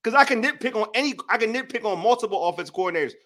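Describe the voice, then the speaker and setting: Racing along in a high, expressive, slightly bright voice, a young man co-hosts a sports podcast. His DC-area American accent comes through as he rants hotly and says things again for emphasis in loose sports banter.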